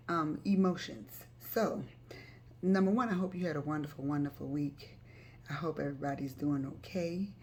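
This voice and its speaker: A woman's voice: low voice, a little mellow, slight background noise. A woman hosting a live stream, talking to viewers in a loose, chatty way and often repeating herself. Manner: chatty, loose, repeats words and uses fillers. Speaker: host of a live talk stream. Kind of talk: casual advice talk to viewers.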